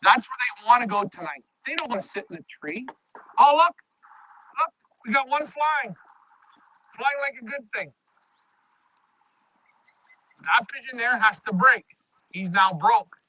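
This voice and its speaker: A man talking loudly to his pigeons as he shows his loft on a live phone stream. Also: extremely high pitch, expressive, moderate pace, long pauses. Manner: loud, talks to his birds. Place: pigeon loft, outdoors nearby. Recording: dull lo-fi stream audio.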